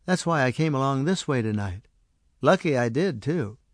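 A man voicing a small mysterious stranger who speaks softly and patiently. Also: medium pitch, lively intonation, normal speed, dry recording, clean studio sound, close to an everyday voice. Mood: gentle. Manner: soft, patient and coaxing. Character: small mysterious male stranger, gentle and knowing.

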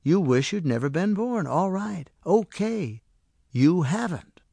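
A man voicing a small mysterious stranger who speaks softly and patiently. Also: high voice, animated, slow, creaky, breathy edge, dry recording, pitched above the performer's own voice, heavily acted. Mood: delighted. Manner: soft, patient and coaxing. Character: small mysterious male stranger, gentle and knowing.

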